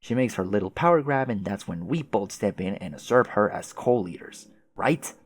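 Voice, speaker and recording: A man's voice: fairly low pitch, expressive, normal speed. A man voicing a haughty, sarcastic teenage girl troll who schemes and taunts. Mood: scheming. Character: snooty haughty female teen troll schemer.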